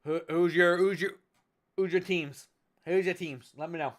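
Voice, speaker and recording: A man calling a football game live as a streamer, excitable and shouting on big plays, with chatty asides to his viewers. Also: high voice, moderate pace. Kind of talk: excited live play-by-play commentary. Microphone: headphones with mic at a desk.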